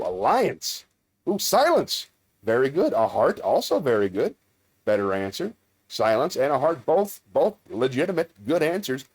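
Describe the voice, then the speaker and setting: A man hosting a casual live-stream chat, talking in a playful, chatty way. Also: mid-range voice. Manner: chatty, playful, lively delivery. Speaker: comedian host of a live stream.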